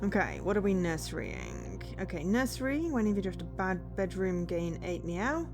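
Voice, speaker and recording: A woman streaming a puzzle game, tacking a meow onto nearly every phrase as a dare while she thinks aloud with many pauses, sounding tired late at night. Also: on the low side, sing-song, over music. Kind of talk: casual charity stream commentary.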